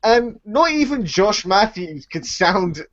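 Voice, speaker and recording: Animated man ranting on a dull stream. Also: high-pitched, slow pace, slight background noise. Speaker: podcast co-host. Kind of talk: casual chat.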